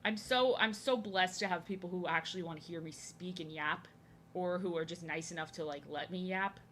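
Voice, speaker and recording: Young woman streamer from the US, rambling art chat, bright crisp tone, slightly low voice. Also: fairly quick, a little hiss or hum. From United States. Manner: chatty, rambling, self-deprecating. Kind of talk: casual rambling chat while drawing.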